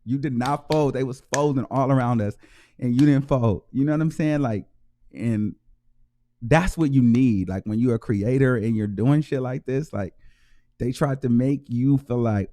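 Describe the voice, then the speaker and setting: A man hosting his own channel, giving heartfelt shout-outs in slangy casual talk and repeating himself for emphasis. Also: mid-range voice, normal speed. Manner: heartfelt, emotional. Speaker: YouTube show host. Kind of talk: casual vlog shout-out to viewers.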